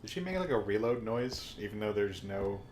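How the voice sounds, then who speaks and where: Man, quick joking commentary, echoey room, faint background noise. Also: fairly low pitch, lively intonation, a little mellow. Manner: joking, wisecracking. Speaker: game commentator. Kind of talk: let's play commentary.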